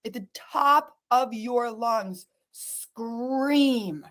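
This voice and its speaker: High-voiced woman urging listeners on. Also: extremely slow, a bit bright. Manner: urgent, coaxing, repetitive commands. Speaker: podcast host guiding listeners. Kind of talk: guided emotional exercise.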